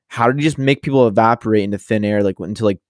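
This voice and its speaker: A man's voice: fairly low pitch, very fast, dry recording, clean studio sound. A man chatting casually about a video game, rambling and swearing, full of "like". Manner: rambling, heavy use of "like", profane.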